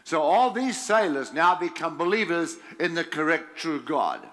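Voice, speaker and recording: Slow, bright-toned male preacher; emphatic, chuckling, reads scripture then comments. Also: on the high side, very animated. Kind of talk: sermon reading scripture with commentary.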